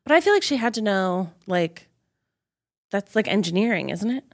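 A woman's voice: medium pitch, sing-song, moderate pace. A woman hosting a podcast, chatting casually and telling stories animatedly with lots of "like". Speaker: podcast host. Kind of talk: casual chat.

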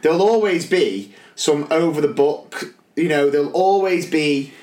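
A man's voice: on the high side, a little slow, reverberant. A man who teaches, co-hosting a casual podcast chat and acting out classroom stories with lots of laughter. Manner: animated, laughing, acts out classroom scenes.

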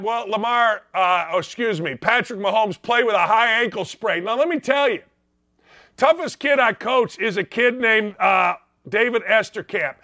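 Fired-up male sports talk host, high and sharp, mocks whiny players, dry booth mic. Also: moderate pace, no room sound. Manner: loud, mocking, does whiny voices of players. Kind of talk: opinionated sports rant.

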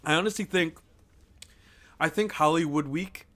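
A young man co-hosting a podcast, telling stories in a profane, excitable casual chat. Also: fairly high pitch, normal speed. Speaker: podcast co-host.

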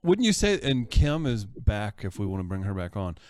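A man chatting casually and backing up the host warmly. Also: on the low side, very animated, normal speed, crowd noise. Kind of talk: casual chat.

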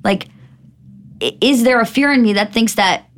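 A young woman co-hosting a podcast, chatting casually about a reality show and acting out the quotes. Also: a little high. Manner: quick, animated, acts out quotes. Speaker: podcast co-host.

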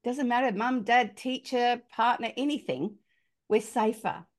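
A middle-aged woman with an Australian accent, speaking as a parenting author on a podcast and telling animated stories with voiced dialogue. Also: fairly high pitch, a little slow. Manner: animated storyteller, acts out quoted dialogue. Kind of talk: conversational podcast storytelling.

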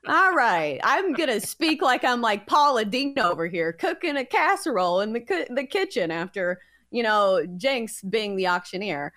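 A woman's voice: a little high, sing-song, moderate pace, hardly any pauses, a bit bright. A woman with a Southern accent co-hosting a sports betting podcast, chatty and breezy, teasing herself as she talks. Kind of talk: casual sports betting chat.

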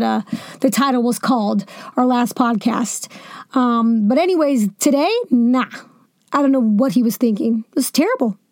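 Animated high-voiced woman podcasting sports. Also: dry recording, studio quality. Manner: animated, jokey, venting with laughs and asides. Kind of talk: casual sports commentary.

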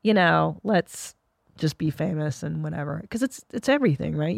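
A woman's voice: sits low, moderate pace, creaky, no echo, clean studio sound. A woman hosting a podcast, chatting candidly and swearing freely. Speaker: podcast host. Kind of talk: casual podcast chat.

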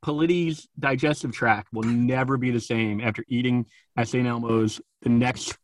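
A man's voice: mid-range voice, normal speed, no echo. A man co-hosting a casual sports podcast, stammering and restarting as he tells stories with energy. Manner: stammering, animated storytelling. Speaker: podcast co-host.

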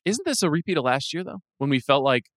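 Guy talking fast on a podcast, crisp and bright, kinda sarcastic. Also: a little high, sing-song, no echo, studio quality. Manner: fast, articulate, wry. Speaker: podcast guest, film critic. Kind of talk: casual conversation.

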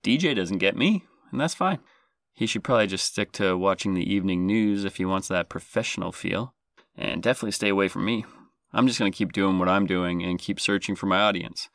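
A man with a low, gravelly voice hosts a comedy podcast, cracking self-deprecating and sarcastic jokes. The sound is dry and close, with no room around it. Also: a little fast, a bit bright, no room sound. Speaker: podcast host.

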